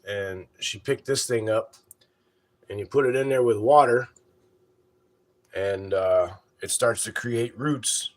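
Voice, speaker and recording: A man hosting his homestead channel, chatting casually and crudely with viewers in a relaxed, rambling drawl. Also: medium pitch. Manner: relaxed drawl with loose grammar and fillers. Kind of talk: casual livestream chat with viewers.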